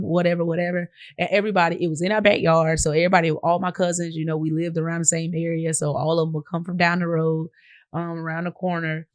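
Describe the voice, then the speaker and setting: A woman's voice: lowish voice, no room sound, studio quality. Southern-drawling woman podcast host. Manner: conversational, addresses listeners as y'all. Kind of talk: casual monologue.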